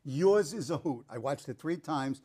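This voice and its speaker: A man's voice: fairly high pitch, lively intonation, normal speed, mellow, slightly rough. A man hosting a public affairs TV interview, enthusiastic and joking, sometimes tripping over names. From New York. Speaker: TV talk show host.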